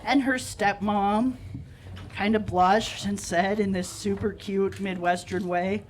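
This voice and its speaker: A man doing a stand-up set, telling a self-deprecating story in a deadpan way at a live comedy show. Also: high voice, slow pace, a little hiss or hum, low-quality recording.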